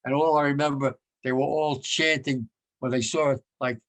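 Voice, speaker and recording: A man in his nineties from the United States, a World War II veteran giving blunt, vivid personal testimony, his voice sinking low and quiet when moved. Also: steady tone, moderate pace. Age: 90s.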